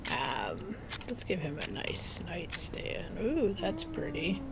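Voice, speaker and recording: Her pitch swoops wildly around a lowish range as this gaming video creator chats to the in-game animals in a cooing voice, sometimes dropping almost to a whisper. The woman's commentary is casual, slow, and unhurried, with background noise present.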